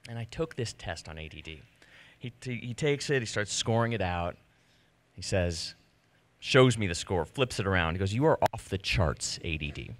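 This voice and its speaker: A man in his thirties telling a personal story to a live audience, animated and self-deprecating, acting out the conversations he recounts. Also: lowish voice, normal speed, a little hiss or hum. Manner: animated, self-deprecating, acts out quoted exchanges. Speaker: speaker giving a personal talk. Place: stage before an audience.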